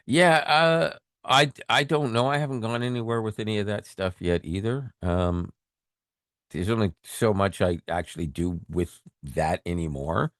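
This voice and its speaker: A man co-hosting a tech podcast in casual chat, animated, often laughing and repeating words. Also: on the low side, measured pace, dry recording, clean studio sound. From Canada. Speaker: podcast co-host.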